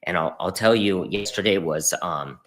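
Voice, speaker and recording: A man in his thirties with a notably deep, low-pitched voice shares a personal story as a guest on a podcast. He talks earnestly and with emotion, stumbling over fillers and restarting his sentences. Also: normal speed, fairly bright tone. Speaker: podcast guest, performance coach. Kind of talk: heartfelt conversational storytelling.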